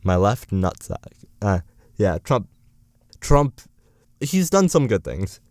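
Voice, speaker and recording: A man's voice: on the low side, big pitch swings, slow pace, a little mellow, dry recording, studio quality. A young man in college rambling through a profane, sarcastic political rant as a vlogger. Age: young adult.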